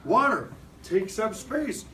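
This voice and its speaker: A man with a high, sing-song, bright voice speaks slowly and with push, playfully coaxing first graders through call-and-response chants during a science visit. He's a visiting science teacher in a school classroom, picked up by a distant mic amid classroom noise.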